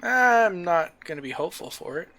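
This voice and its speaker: A man's voice: high-pitched, lively intonation, moderate pace. A man streaming a farming game, chatting casually with friends on voice chat. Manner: upbeat and chatty, with loud showman greetings.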